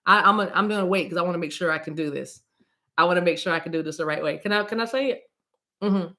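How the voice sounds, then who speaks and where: A woman's voice: fairly low pitch, fast, bright, forceful tone. A middle-aged woman from the US East Coast, a spiritual reader chatting casually on a livestream, rambling playfully and greeting viewers by name.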